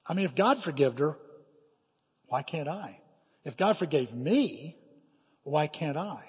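Brief: middle-aged male pastor, slightly high husky voice, emphatic storytelling sermon, hall reverb. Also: expressive, measured pace. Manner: storytelling, emphatic, with dramatic quoted asides.

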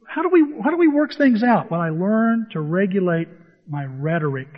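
Male pastor, high voice, animated storyteller, sermon in a hall with a long echo, dull sound. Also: moderate pace. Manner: animated storytelling, acts out dialogue.

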